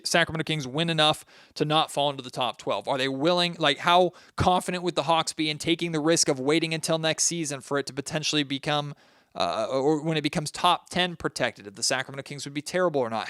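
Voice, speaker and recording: A man's voice: medium pitch, fairly bright tone, clear, resonant tone, dry recording, clean studio sound. A man hosting a solo sports podcast, venting his frustration and talking straight to his listeners. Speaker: podcast host.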